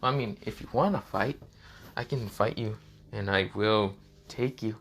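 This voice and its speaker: A man's voice: fairly low pitch, a little slow, a bit bright, slight background noise. A man voicing a brash young woman in a fan story, talking in a raised, pleading and defensive way. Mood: insistent.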